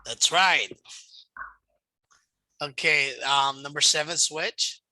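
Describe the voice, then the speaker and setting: Slow, patient male English teacher. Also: a little high, fairly even intonation, pushed and bright, dry recording, rough recording. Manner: slow, patient, explains step by step. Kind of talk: online one-to-one lesson.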